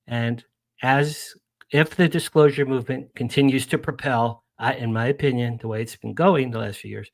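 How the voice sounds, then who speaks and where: A man's voice: mid-range voice, dry recording, studio quality. A man speaking as a guest on a radio show, chatty and enthusiastic, rambling with restarts. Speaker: guest, publicist. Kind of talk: casual radio interview chat.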